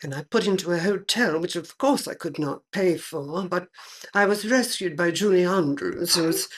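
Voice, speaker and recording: A dry, clipped old English grande dame's spirit, played by a woman, tartly unimpressed by her interviewer. Her voice sits a little low and speaks in a plain, even way with an English accent. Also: normal speed, close to an everyday voice. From England. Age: older.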